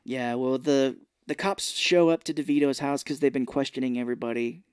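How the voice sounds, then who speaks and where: A man's voice: medium pitch, fairly quick, clean tone, no echo, studio quality. A man co-hosting a podcast, retelling a movie plot in casual chat and acting out the characters' lines. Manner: animated retelling, acting out quotes. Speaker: podcast co-host. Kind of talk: casual film recap chat.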